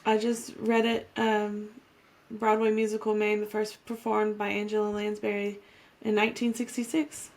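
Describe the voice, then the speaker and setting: Woman, Southern US accent, gravelly fry, wry casual podcast chat. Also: mid-range voice, monotone, normal speed, darkish tone. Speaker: podcast co-host.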